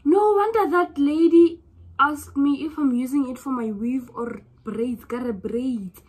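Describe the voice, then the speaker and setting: There's a breathy edge to the high voice of this young South African woman, who speaks with a South African accent as she chats casually with her vlog viewers. She drawls slowly and gushes, veering from gentle musing into loud excitement.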